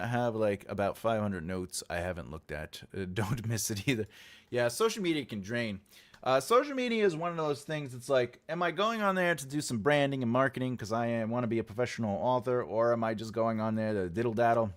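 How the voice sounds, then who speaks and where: A man's voice: mid-range voice, lively intonation, moderate pace, a bit bright. A man from New York with a New York accent, hosting a casual livestream chat as an author and rambling through self-deprecating asides. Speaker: host, author.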